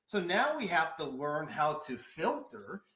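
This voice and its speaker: A man co-hosting a casual fitness podcast, an animated storyteller who swears and laughs a lot. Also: on the high side, unhurried, echoey room. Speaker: podcast co-host and fitness trainer.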